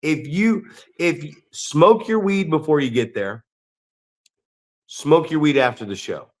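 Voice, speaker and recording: Man, middle-aged, blunt, profane, ranting, fairly high voice. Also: unhurried. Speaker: podcast co-host and pro wrestler. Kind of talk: casual podcast chat.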